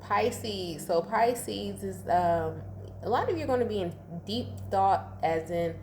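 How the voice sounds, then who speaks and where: A woman's voice: mid-range voice, expressive, slow, darkish tone, a little hiss or hum. Chatty woman giving a tarot reading. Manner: chatty, laughs often, slangy asides. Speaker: tarot reader. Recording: echoey room, faint ambience.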